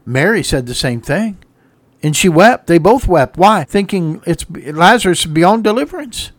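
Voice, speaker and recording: A fiery male preacher with a slightly high voice, swinging between hushed lines and loud shouts. He slips into sung hymn phrases between points. The sound is close and dry. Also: expressive, unhurried, dry recording. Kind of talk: sermon.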